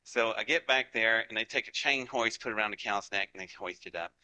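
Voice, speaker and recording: Speaking a little fast with a sharp tone and a fairly low pitch, this Ohio man in his forties addresses an audience with a folksy tale, voicing the people in it. The recording quality is low.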